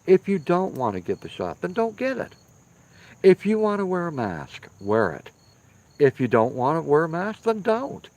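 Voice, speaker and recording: Out by a firepit, a live-stream host reads viewer comments and chats casually, stressing points emphatically by repeating them. His fairly high, darkish voice swoops wildly in pitch, and he talks at normal speed.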